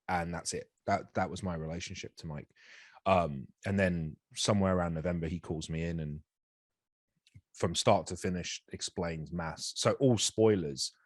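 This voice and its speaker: A man's voice: low-pitched, no room sound, studio quality. A man in his thirties, an actor guest telling a candid, self-deprecating story in an interview, rambling with frequent restarts.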